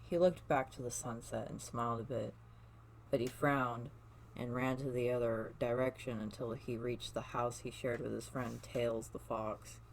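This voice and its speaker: A storyteller reading a second-person fan story aloud, soft-spoken, with small slips and restarts. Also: medium pitch, flat delivery, moderate pace, creaky, slight background noise, rough recording. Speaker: fan fiction reader.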